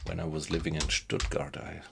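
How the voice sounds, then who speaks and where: Low gravelly guy streaming a game from his little computer room, laid back chatty, faint clicks behind. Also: noisy background. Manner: relaxed, unhurried, greets viewers chattily. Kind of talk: casual live-stream chat while playing. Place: small home computer room.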